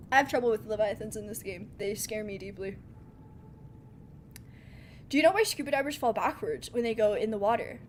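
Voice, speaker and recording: A young woman streaming a game live, excitable and chatty, often laughing and reacting to viewers. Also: on the high side, normal speed, long pauses, slight background noise. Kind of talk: live gameplay commentary.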